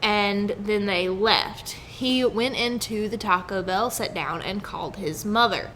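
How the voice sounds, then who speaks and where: A woman's voice: on the high side, a bit bright, a little hiss or hum. A young adult woman co-hosting a podcast, chatting casually and retelling a news story with frequent laughter. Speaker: podcast co-host, news segment host.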